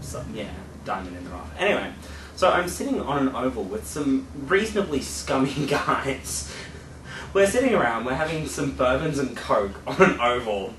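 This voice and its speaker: A man co-hosting a casual radio-style podcast, telling stories in a chatty, animated way. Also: mid-range voice, normal speed. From Australia. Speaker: podcast co-host. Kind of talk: casual radio-show chat. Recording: roomy sound, far from mic, faint hiss.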